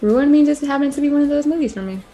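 A woman's voice: sits high, racing, mellow, faint music behind. A young woman co-hosting a podcast, talking casually and laughing easily. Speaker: podcast co-host. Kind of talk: casual chat.

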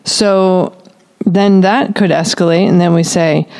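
A woman working as a parenting coach, giving calm, explanatory advice to parents. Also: on the low side, slow.

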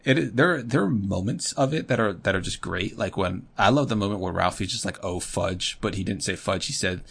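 A man's voice: fairly low pitch, fairly quick, vocal fry, fairly bright tone, slightly rough. A man co-hosting a podcast in casual chat, telling rambling stories full of fillers. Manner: rambling storyteller, heavy on fillers. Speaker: podcast co-host.

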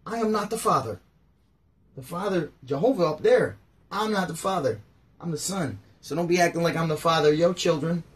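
A man's voice: on the high side, a little fast, pitched above the performer's own voice, natural voice. A man doing a slangy laid-back Jesus. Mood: preachy. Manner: casual street slang.

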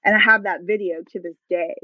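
A woman's voice: mid-range voice, steady tone, brisk, dry recording, dull audio. A woman guest telling her personal faith story with emotion, acting out the voices of people she quotes. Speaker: podcast guest.

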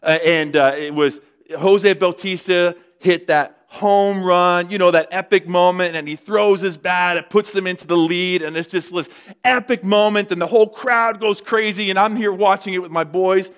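A middle-aged man preaching a sermon as pastor, telling stories in an animated way. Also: high voice, normal speed, clear, resonant tone. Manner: animated storytelling, rises excitedly.

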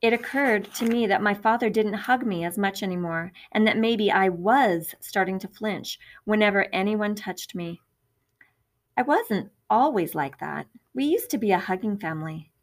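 A woman's voice: mid-range voice, normal speed. Woman narrating a reflective audiobook. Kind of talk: first-person audiobook narration.

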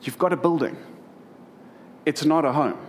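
A man's voice: a little high, normal speed, slight background noise. A middle-aged man preaching to a congregation, telling humorous stories about family life. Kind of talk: sermon.

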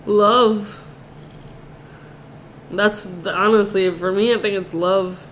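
A woman guesting on a casual podcast, gushing and excitable, laughing easily. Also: mid-range voice, slow, slight background noise.

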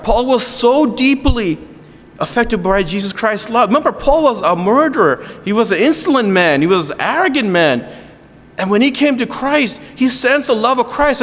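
Male pastor, earnest conversational sermon, high voice, hall reverb. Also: a bit bright. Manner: earnest, with asides and jokes to the congregation.

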